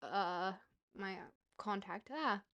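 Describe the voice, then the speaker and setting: A woman's voice: mid-range voice, slow pace, fairly bright tone, muffled recording. Woman streamer reading in a mock-British accent. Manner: reads in a playful put-on mock-British accent; casual, chatty and self-teasing between passages. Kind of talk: livestream reading aloud and chatting with viewers.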